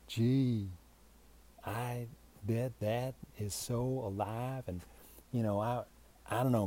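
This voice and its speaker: A man's voice: medium pitch, warm tone. A man hosting a solo podcast, rambling in a dry, sarcastic way with frequent restarts. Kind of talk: casual rambling podcast monologue. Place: at home.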